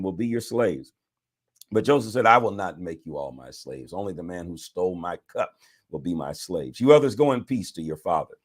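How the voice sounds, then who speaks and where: A man, a bishop, reading scripture aloud and breaking off into preacher-style commentary. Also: on the low side. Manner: animated reading with preacher asides.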